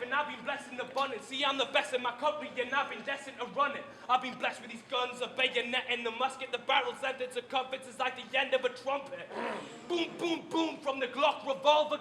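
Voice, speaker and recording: A man delivering a live battle rap with taunting insults at an event venue. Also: very high voice. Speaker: battle rapper. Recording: echoey room, loud crowd noise.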